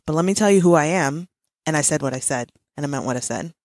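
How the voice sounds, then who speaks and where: A woman in her thirties chats as a podcast host, spinning a story with bursts of laughter. Her voice sits a little low. The sound is dry and close, with no room around it. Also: fast, no echo. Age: 30s. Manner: animated storytelling with frequent laughs. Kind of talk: casual chat.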